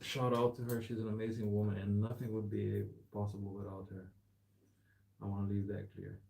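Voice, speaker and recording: Casual vlogger type: young man, gravelly low voice, rambling shop talk, faint background noise. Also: monotone, brisk. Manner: rambling, chatty, peppered with "man" and "bro". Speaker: bike repair vlogger. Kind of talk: casual chat while working. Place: bike repair shop.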